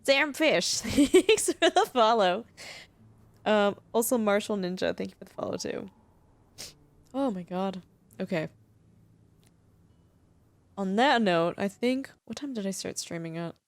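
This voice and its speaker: With lively intonation and an unhurried pace broken by long pauses, a young woman in a mid-range voice chats with her livestream audience and reads to them. She gushes, laughs frequently, and sounds near tears.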